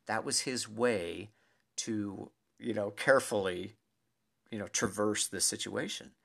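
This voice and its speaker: A man telling a personal anecdote to an audience in a lively, animated way, with pauses and asides to his listeners. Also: on the low side, gravelly. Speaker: storyteller.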